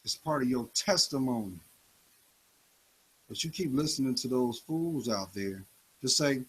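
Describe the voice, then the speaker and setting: A man's voice: mid-range voice, lively intonation, measured pace, long pauses, fairly bright tone, breathy edge, rough recording. A man delivering a preachy spoken-word monologue, confronting the listener with rhetorical questions.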